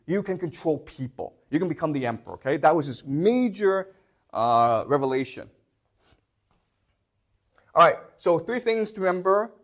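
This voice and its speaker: A man teaching a history class, speaking off the cuff with many fillers and restarts, often pausing to ask "okay?" to check that students follow. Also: fairly high pitch. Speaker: lecturer.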